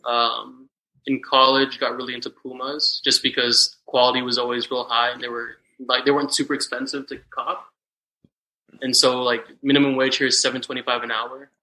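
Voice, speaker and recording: On a poorly recorded podcast, a young Texas man in his twenties chats as a guest at a moderate pace in a medium-pitched voice. His storytelling is relaxed and meandering, loaded with fillers.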